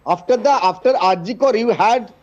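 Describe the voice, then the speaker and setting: Agitated high-voiced Indian professor, dull remote line. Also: male voice, moderate pace. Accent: Indian English. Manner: agitated, combative, ornate insults. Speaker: professor, debate panelist. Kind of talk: heated TV debate.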